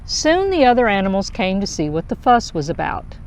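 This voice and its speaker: A woman reading a children's picture book aloud in a slow, expressive storytelling voice. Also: medium pitch, a little hiss or hum.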